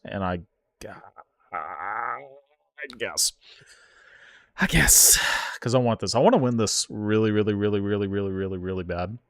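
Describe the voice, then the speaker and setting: A man streaming himself playing an online card game, reacting out loud with yelps and groans and talking to his viewers. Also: mid-range voice, no echo, studio quality. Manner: excitable, groans and yelps at the game, talks to chat. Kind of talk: live gameplay commentary.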